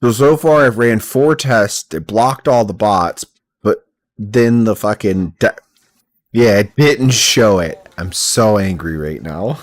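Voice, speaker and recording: A man's voice: lowish voice, lively intonation, slow pace, dry recording. A young man streaming live while coding, chatting bluntly and swearing as he restarts his sentences.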